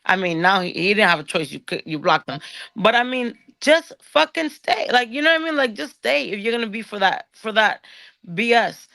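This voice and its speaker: A woman's voice: fairly high pitch, lively intonation, normal speed, creaky, pushed and bright, dry recording. A woman ranting angrily as a guest on a show, swearing often and restarting her words as she gets worked up. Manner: angry, profane, repeats and restarts words. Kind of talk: heated ranting call-out.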